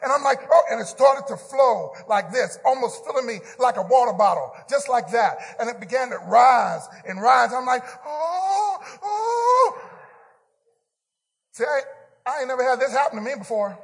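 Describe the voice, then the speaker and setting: A man preaching and telling a story of his own, swinging from hushed quoted lines to loud shouts. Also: sits high, gravelly, in a large hall. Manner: animated testimony, whispering quotes then shouting. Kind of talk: storytelling sermon.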